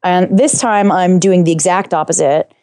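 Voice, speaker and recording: A woman interview guest chatting excitedly, rambling with lots of fillers and restarts. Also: fairly low pitch, moderate pace, dry recording, studio quality. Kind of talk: casual interview chat.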